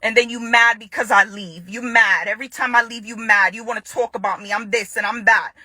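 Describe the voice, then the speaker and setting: A woman's voice: on the high side, fairly even intonation, a little fast, pushed and bright, no echo. A young adult woman making an angry public statement to her ex-partner, confrontational and furious, repeating phrases for emphasis.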